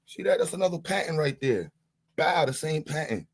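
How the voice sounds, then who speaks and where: A man's voice: fairly high pitch, expressive, moderate pace. A man on a live-stream panel, boasting and taunting, leaning on the same catchphrases again and again in a heated rant.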